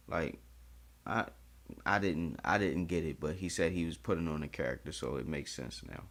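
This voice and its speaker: A man with a deep, low voice hosting a reaction video. He talks in a candid, chatty way and swears freely. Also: brisk, fairly bright tone. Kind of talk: casual reaction commentary.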